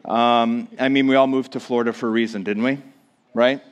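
A man's voice: medium pitch, steady tone, fairly quick, smooth. A man in his forties from Minnesota with a Minnesotan accent, giving a casual, joking, self-deprecating sermon to his congregation, chatty and full of fillers. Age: 40s. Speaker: pastor.

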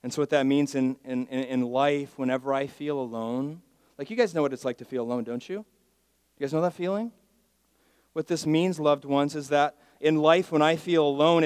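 A male pastor preaching a sermon, swinging from quiet asides to loud emphatic declarations and leading the congregation in call-and-response. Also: a little high, moderate pace, clean tone, dry recording. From Miami, Florida.

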